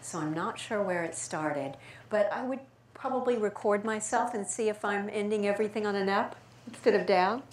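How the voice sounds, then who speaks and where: A woman voice coach answering audience questions at a talk, lively and playful as she demonstrates speech patterns. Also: medium pitch, normal speed. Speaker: speaker and voice coach. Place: event room with audience. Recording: echoey room, faint noise.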